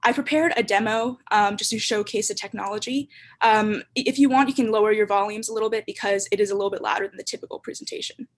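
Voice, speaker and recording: A young woman presenting her startup in a steady, rehearsed pitch over a video call. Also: fast. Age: young adult. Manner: clear, steady, rehearsed delivery.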